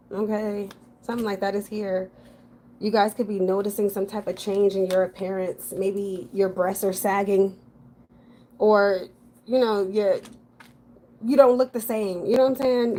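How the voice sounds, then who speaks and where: A woman's voice: mid-range voice, mellow, slight background noise. A woman giving a casual general tarot reading, talking frankly and thinking aloud to her viewers. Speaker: tarot reader.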